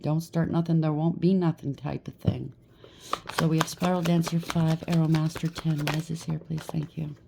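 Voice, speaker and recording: A woman's voice: sits low, little pitch movement, moderate pace, gravelly, noisy background. A woman giving a casual tarot reading, chatty and reassuring, often checking in with "okay?" and "right?". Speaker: tarot reader.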